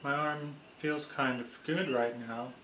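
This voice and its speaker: A man's voice: mid-range voice, steady tone, slow pace, sharp tone, slight background noise. A man voicing a quirky, playful man who is writing and eating ice cream. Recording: echoey room.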